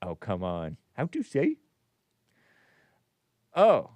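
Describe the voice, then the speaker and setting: A man's voice: on the low side, wildly swooping pitch, extremely slow, a little mellow, dry recording. A man hosting a casual call-in show, reading viewer messages aloud and joking with chuckles. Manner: joking, chuckles while talking. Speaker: talk show host.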